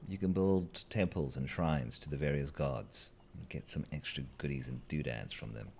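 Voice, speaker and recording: A man's voice: rumbling low, normal speed, creaky, darkish tone, a little hiss or hum. A man chatting playfully through a game as a let's-play host, joking with the creatures on screen. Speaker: gaming channel host.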